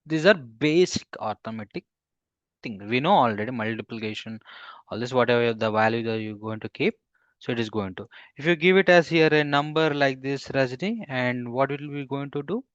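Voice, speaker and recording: A man teaching a live coding class, halting with fillers and restarts, often putting questions to his students. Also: medium pitch, fairly bright tone, no echo, dull audio. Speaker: instructor.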